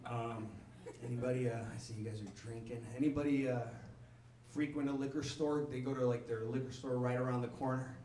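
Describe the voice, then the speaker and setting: A man's voice: mid-range voice, steady tone, fairly quick, mellow, slight background noise. A male stand-up comedian rambling through a profane, laughing set and talking to the crowd. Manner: talks to the crowd. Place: comedy club stage. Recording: echoey room recorded from a distance.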